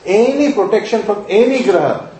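A man's high, mellow, expressive voice carries at a moderate pace as he teaches astrology, emphatic and repetitive, routinely quizzing his audience. The recording has a little hiss or hum, a very echoey room, and a mic placed far away.

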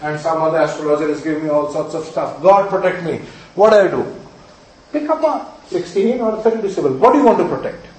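In a very echoey space recorded from afar, with a little hiss or hum, a man with a high, darkish voice lectures astrology students fast and with lively intonation. He's emphatic, keeps repeating the essentials, and quizzes the class to confirm they follow.

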